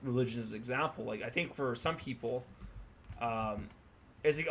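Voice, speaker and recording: Bright-voiced young man rambling over gameplay. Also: mid-range voice, normal speed, a little hiss or hum. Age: 20s. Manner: rambling, filler-heavy musing. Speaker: let's play host. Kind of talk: casual gaming commentary.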